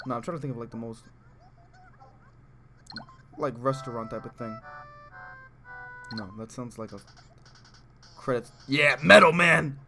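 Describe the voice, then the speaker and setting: A man giving casual, excitable, rambling commentary over a video game, full of chatty asides. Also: medium pitch, normal speed, long pauses, over music. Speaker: let's play host.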